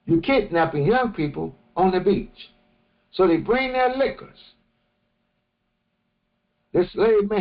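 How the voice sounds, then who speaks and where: A man teaching a morning religious session, speaking slowly and deliberately and often restarting his phrases. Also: high voice, lively intonation, lo-fi sound. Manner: slow, deliberate, with many restarts. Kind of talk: morning lecture.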